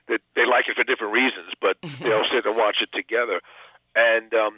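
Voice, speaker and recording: A man's voice: mid-range voice, fairly even intonation, fast, breathy edge, no echo. An older man, an actor and comedian, chatting in a phone interview, self-deprecating and full of restarts. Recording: tinny phone line.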